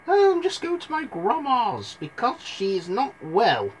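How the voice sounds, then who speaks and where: Man playing a comic storybook girl, high, whiny, sarcastic, very lively pitch. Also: unhurried, a little hiss or hum, full character voice. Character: sarcastic, complaining young girl in red.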